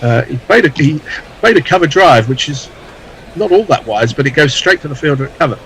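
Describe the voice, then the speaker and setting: A man's voice: on the high side, animated, fairly quick, fairly bright tone, a little hiss or hum, low-quality recording. A man calling live cricket ball by ball, with dry, wry asides between deliveries.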